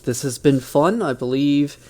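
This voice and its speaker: A man's voice: on the high side, a little slow, darkish tone, a little hiss or hum. A man hosting a live stream, chatting casually, laughing often and swearing freely. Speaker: streamer host.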